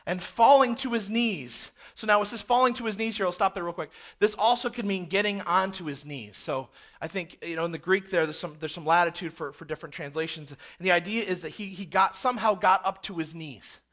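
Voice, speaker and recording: A man with a high-pitched voice delivers a sermon. He preaches dramatically, sinking to hushed, slow lines and then rising to loud, intense ones.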